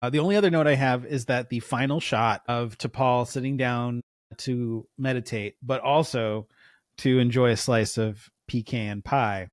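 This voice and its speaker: A man's voice: mid-range voice, a little slow, no room sound. Rambling podcast guy with a dry sound. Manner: rambling, lots of fillers, laughs at his own jokes. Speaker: podcast co-host. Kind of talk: casual chat.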